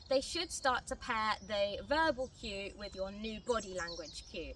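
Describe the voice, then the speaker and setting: A woman dog trainer giving a clear, step-by-step tutorial outdoors. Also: a little high, sharp tone. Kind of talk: instructional tutorial. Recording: distant mic, faint outdoor noise.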